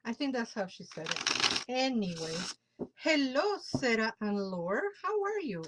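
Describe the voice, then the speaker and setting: A woman whose first language is Spanish chats through a live tarot stream in a slightly high voice. She takes her time and greets viewers one by one, with Spanish words slipped into her English. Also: very animated, unhurried, background noise. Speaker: tarot reader hosting a live show. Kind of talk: casual live-stream chat.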